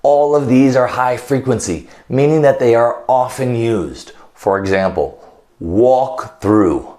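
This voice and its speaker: Here the same kind of American-accented English teacher from the United States takes it slowly, his mid-range voice carrying a dark tone. He walks through phrasal verbs one by one in a video lesson and stages brief phone conversations. His explanations alternate between English and Portuguese.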